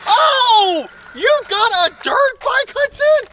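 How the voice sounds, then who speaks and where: Animated high-voiced dad, noisy outdoors. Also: male voice, moderate pace. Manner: animated, exclaiming, playfully dramatic. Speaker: dad playing with his kids. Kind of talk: playful make-believe with children. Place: outdoors on a farm.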